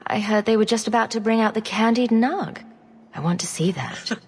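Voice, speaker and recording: A woman's voice: fairly high pitch, normal speed, reverberant, lightly acted. An actress voicing a dry-witted female hero in a fantasy video game, speaking in a sardonic way. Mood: wry.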